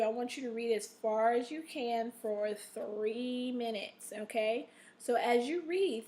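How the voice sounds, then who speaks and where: A woman teacher talks her students through a recorded reading lesson. Her voice sits a little high, and she keeps checking in with a friendly "okay?" after each instruction. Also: darkish tone. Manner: encouraging, checks in with frequent "okay?". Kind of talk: recorded classroom video lesson.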